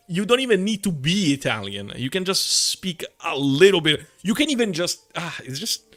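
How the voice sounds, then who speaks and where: A man's voice: fairly high pitch, big pitch swings, normal speed, few pauses, a bit bright. A man streaming a game, chatting casually to his viewers, swearing often and ranting with lots of fillers. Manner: talks to chat while playing. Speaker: gaming streamer. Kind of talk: casual live-stream commentary.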